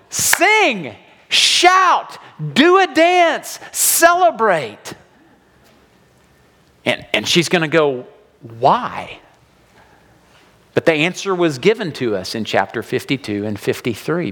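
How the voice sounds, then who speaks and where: A man preaching a sermon to his congregation, animated and acting out the voices of people he quotes. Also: a little high. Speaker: pastor.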